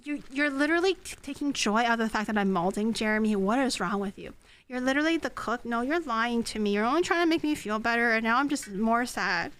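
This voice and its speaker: A woman's voice: on the high side, animated, fast, a bit bright, clean tone. A woman streaming herself cooking at home, chatting casually, self-mocking and swearing. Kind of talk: casual cooking livestream chat.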